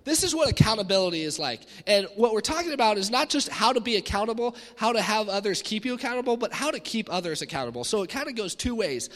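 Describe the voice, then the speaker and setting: A man in his thirties giving an animated sermon, acting out the voices of the people he quotes. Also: high-pitched. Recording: echoey hall.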